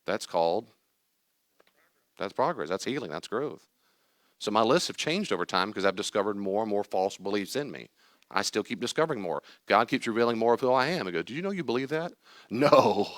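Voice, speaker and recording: An older man teaching a group about anxiety in a lively way, acting out anxious worries and calm replies. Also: fairly low pitch, brisk, no echo, clean studio sound. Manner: emphatic, acts out anxious and calm inner voices. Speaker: teacher leading a class on anxiety.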